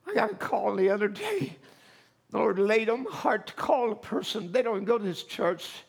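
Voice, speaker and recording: A male pastor preaching a sermon, moving from quiet storytelling to loud, fervent preaching. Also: high voice, very animated, moderate pace, vocal fry. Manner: swings from quiet storytelling to shouted fervor.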